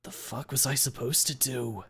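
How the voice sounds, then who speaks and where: A man's voice: mid-range voice, unhurried, breathy edge. A man reading aloud voices a tailed young male creature who talks bluntly, swears and growls. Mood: gruff. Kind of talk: read-aloud story voicing.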